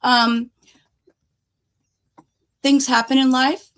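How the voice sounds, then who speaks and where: A woman's voice: high voice, flat delivery, drawn-out words. A woman commentator speaking reflectively and asking listeners rhetorical questions.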